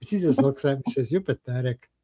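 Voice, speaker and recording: A man's voice: medium pitch, quick pace, dark tone, breathy edge. An older man hosting a casual livestream chat, telling rambling stories and joking with viewers. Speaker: livestream host.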